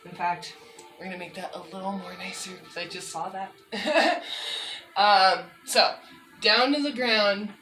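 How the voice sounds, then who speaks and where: A woman's voice: medium pitch, steady tone, unhurried. Chatty woman in an echoey room. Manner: chatty, self-deprecating, with many fillers. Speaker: fitness vlogger. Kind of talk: casual workout demonstration. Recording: echoey room, mic at a distance, faint music.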